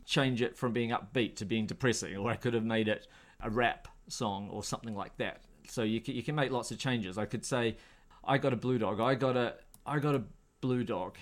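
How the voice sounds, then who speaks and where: A man hosting a casual screen-share tutorial, relaxed and thinking aloud as he clicks through steps. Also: medium pitch. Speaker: host.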